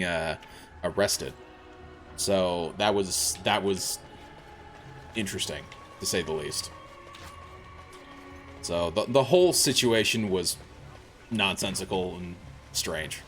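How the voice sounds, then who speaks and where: A man's voice: lowish voice, a bit bright. A man streaming a video game, chatting casually in a rambling way with many fillers and laughing at himself. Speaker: variety streamer. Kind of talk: casual gameplay commentary.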